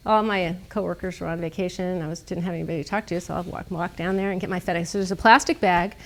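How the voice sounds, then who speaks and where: A middle-aged woman speaking as a guest speaker, telling stories in a lively, snarky way and laughing often. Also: lowish voice, fast. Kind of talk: casual storytelling talk. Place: lecture room.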